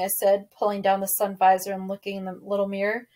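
A woman, a teacher, reading a novel aloud to her class in a steady storytelling voice. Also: medium pitch, fast talker.

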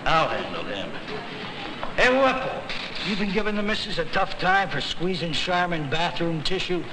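A man's voice: a little high, very animated, normal speed. A man playing a fussy middle-aged store manager in an old TV ad, chiding a customer. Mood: scolding. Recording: old ad clip, echoey, noisy, distant.

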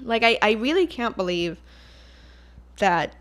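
A young Puerto Rican woman with a Puerto Rican accent and a voice that sits a little high. She hosts her solo podcast in an exasperated, fired-up tone. She swears freely and slips Spanish into her English. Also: big pitch swings, measured pace. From Puerto Rico. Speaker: podcast host. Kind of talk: casual solo podcast rant.

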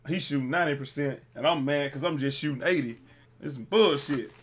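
A young man giving casual gameplay commentary with friends, joking, swearing a lot and breaking into loud yells when the action picks up. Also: a little high, quick pace, slight background noise. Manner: swears a lot and breaks into yelling mid-game; jokey, trash-talking banter. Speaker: gaming commentator.

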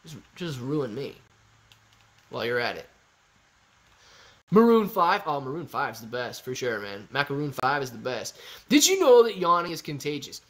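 Reading viewer comments on his casual stock-trading livestream, a young man turns goofy and animated, veering between shouts and mumbles. He speaks at a medium pitch and moderate pace, pausing often.

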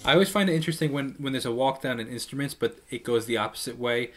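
A man's mid-range voice moves at a quick pace as he reacts to a live performance, casually explaining the vocals and the mix. He's a musician speaking into a studio mic with a pop filter, and his explanations are analytical and often restarted, with faint music behind him.

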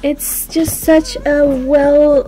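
A woman's voice: high-pitched, level tone, very slow, dark tone, low-quality recording. A young woman vlogging an album unboxing, gushing with breathless fan exclamations. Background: faint background music.

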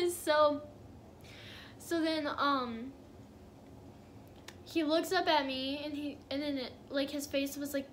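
A woman's voice: sits high, fairly even intonation, slow, pauses often, fairly bright tone, slight background noise. A young woman telling a casual storytime on her vlog, chatty and giggly with lots of fillers. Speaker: vlogger.

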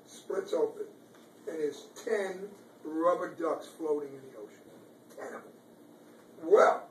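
A man's voice: on the high side, a bit bright. A man reading a picture book aloud to small children in a preschool classroom, quizzing them and encouraging their answers. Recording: roomy, distant, noisy classroom sound.

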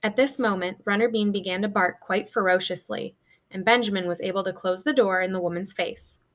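Female teacher, chapter-book read-aloud, steady expressive narration. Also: medium pitch, a little fast.

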